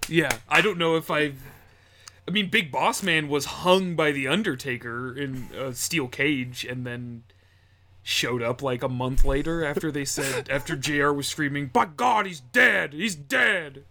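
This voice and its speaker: A man's voice: mid-range voice, fairly even intonation, unhurried, sharp tone. A man co-hosting a casual wrestling podcast, rambling and joking with frequent laughs. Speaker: podcast co-host.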